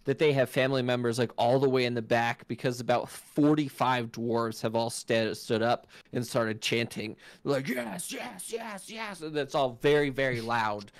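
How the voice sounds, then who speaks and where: A man narrating as game master of a tabletop game, telling the story in an animated way and voicing sound effects aloud. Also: medium pitch, normal speed, hardly any pauses, no echo.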